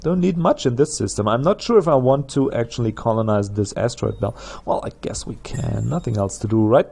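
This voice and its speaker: A man's voice: medium pitch, a little fast, creaky, dark tone, breathy edge. A man with a German accent, a native German speaker, chatting through gameplay commentary as a let's play host and laughing at his own jokes.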